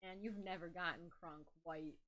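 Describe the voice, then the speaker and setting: A woman's voice: lowish voice, fairly even intonation, normal speed, a crowd in the background. A woman joining a gaming stream, teasing her co-host in casual banter. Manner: teasing, playful.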